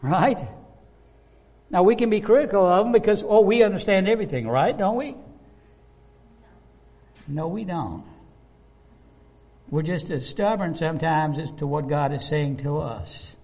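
A man preaching a sermon, animated and conversational, acting out the voices of the people he describes. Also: high voice, unhurried, long pauses, slightly rough. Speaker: pastor. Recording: dull lo-fi recording.

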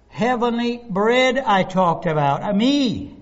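Animated preaching man, lo-fi recording. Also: sits high, a little slow. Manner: animated preaching, acts out voices of the crowd. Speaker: pastor. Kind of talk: sermon. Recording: dull lo-fi recording.

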